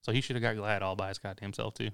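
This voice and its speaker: A man co-hosting a loose, casual chat and telling his own story. His voice sits fairly low and sounds smooth and clear. He talks in an easygoing way and swears casually. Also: fairly even intonation, very fast, fairly bright tone. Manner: laid-back, swears casually. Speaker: podcast co-host.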